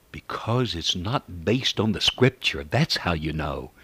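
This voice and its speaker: A man preaching a sermon in an earnest, measured way, reciting scripture as he goes. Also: low voice, animated, fairly bright tone, slightly rough, dry recording.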